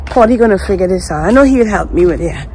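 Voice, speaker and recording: A woman vlogger chatting casually and excitedly straight to her viewers. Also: mid-range voice, quick pace, a little hiss or hum, poor audio. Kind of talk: casual vlog chat to viewers.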